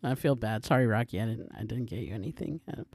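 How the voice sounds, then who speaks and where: A man's voice: medium pitch, expressive, fast talker, creaky, a little mellow, husky, dry recording. A man chatting casually as a podcast guest, rambling with lots of filler words. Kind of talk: casual chat.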